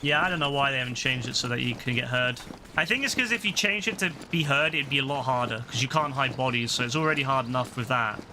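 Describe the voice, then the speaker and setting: A man talks over his gameplay in a loose, sarcastic way, full of swearing. His voice is mid-pitched with a lot of gravelly fry. Plenty of noise sits behind him in the recording. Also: quick pace. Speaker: gaming commentator. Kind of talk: casual gameplay commentary.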